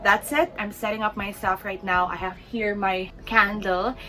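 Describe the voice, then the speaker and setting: A young woman from the Philippines giving casual, chatty reading-vlog updates to camera, self-deprecating and animated. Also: medium pitch, moderate pace, a little hiss or hum, poor audio. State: sniffly from allergies. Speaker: book vlogger.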